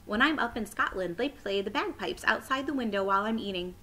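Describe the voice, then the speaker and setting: Teacher doing a stately old queen, polite and gracious, bright voice, storybook reading. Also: medium pitch, expressive, fairly quick. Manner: stately and courteous.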